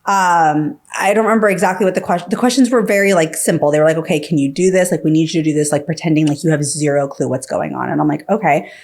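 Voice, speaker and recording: A woman's voice: sits low, fast talker, few pauses, a little mellow. A woman guest on a podcast, telling her story casually, full of fillers and acting out what others said. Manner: filler-heavy, acts out quoted dialogue.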